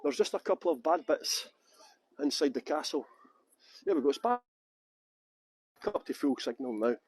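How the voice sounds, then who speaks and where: A husky, fairly high-voiced man with a Scottish accent leads a walking tour outdoors. He talks into a handheld phone as he streams live, tossing joking asides to his viewers. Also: big pitch swings, normal speed, a little mellow, no echo, low-quality recording. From England. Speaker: tour guide. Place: outdoors in castle grounds.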